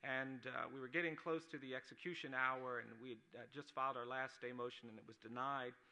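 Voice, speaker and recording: A man's voice: medium pitch, steady tone, fairly quick, sharp tone. A man, a lawyer, giving an earnest personal speech at an awards dinner, building his points through repeated phrases. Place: awards dinner, speaking to an audience.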